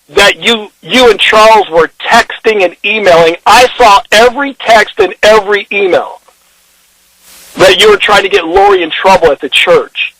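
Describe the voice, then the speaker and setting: An interview guest speaks by phone, his high-pitched, fairly bright voice recorded with no room sound. Emotional and rambling, he tells a long first-person story, starting over at times and performing the quoted dialogue himself.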